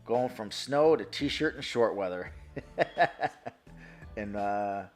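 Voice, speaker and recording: A man in his thirties from New York, chatting casually on a live stream, answering chat in a profane, excitable, rambling way. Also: lowish voice, very slow, soft background music.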